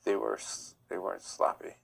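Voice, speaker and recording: A man from the United States hosts a live stream at a moderate pace, reading out chat comments and responding bluntly. The recording sounds rough.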